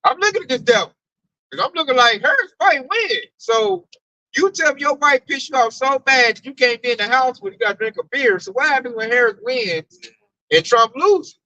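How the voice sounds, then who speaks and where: A man in a casual religious group discussion, telling animated stories and swearing freely. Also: very high-pitched, normal speed, no room sound. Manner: animated storyteller, mimics coworker, swears freely. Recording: dull dry recording.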